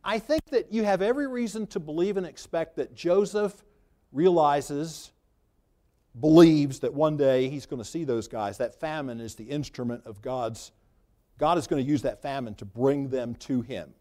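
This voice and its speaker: Conversational preacher, fairly high voice. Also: male voice, moderate pace, warm tone. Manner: conversational, free-flowing, rises for emphasis. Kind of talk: sermon.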